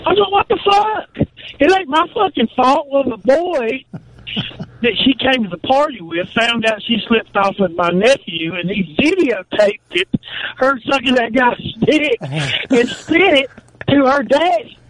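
A North Carolina man, phoning in to a show. His voice sits very high, and he drawls with loud, profane bluster. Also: big pitch swings, a little slow, a little hiss or hum, poor audio. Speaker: caller. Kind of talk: phone-in storytelling.

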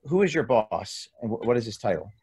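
A man's voice: mid-range voice, very animated, a little fast, a little mellow, breathy edge. A man conducting an investigative interview, asking pointed, leading questions.

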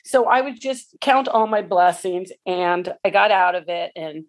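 A woman in her forties who plays pickleball relates a personal experience in a voice on the low side. She is emotional and hesitant, with frequent restarts.

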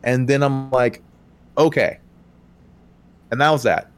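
A man co-hosting a podcast, talking casually about video games. He is animated and laughs a lot, and his voice jumps high and loud when he quotes his own reactions. His pitch sits in a middle range. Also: brisk, smooth. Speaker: podcast co-host. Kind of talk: casual game talk.

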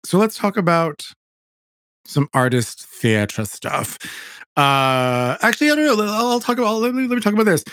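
A man hosting a podcast, talking in an animated, chatty way that keeps breaking off and restarting. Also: high voice, moderate pace, no room sound, studio quality. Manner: animated, self-interrupting, chatty. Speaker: podcast host. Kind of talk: casual chat.

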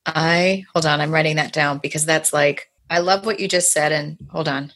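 Low-voiced, chatty woman podcast host. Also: steady tone, moderate pace, fairly bright tone. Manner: chatty, rambling, many restarts and fillers. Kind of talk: casual interview chat.

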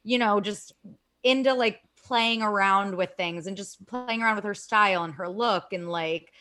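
A woman's voice: medium pitch, moderate pace, sharp tone. A young woman co-hosting a podcast, chatting casually and sarcastically about celebrities with lots of "like" fillers. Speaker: podcast co-host. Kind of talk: casual pop-culture chat.

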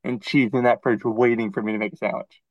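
A man co-hosting a podcast, chatting casually and acting out quoted dialogue in an animated storytelling manner. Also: medium pitch, quick pace, no room sound, muffled recording. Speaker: podcast co-host. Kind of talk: casual chat.

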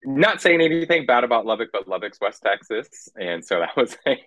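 A young man from Kansas, a guest in a casual interview, speaking in a relaxed way with many fillers. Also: mid-range voice, brisk, dry recording, dull audio.

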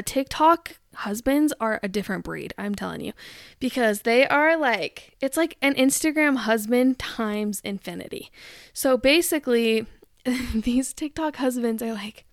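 A woman's voice: fairly high pitch, moderate pace, no echo, clean studio sound. A woman hosting her own show, chatting and ranting in a rambling, amused, exasperated way. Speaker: host. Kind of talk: casual chat rant.

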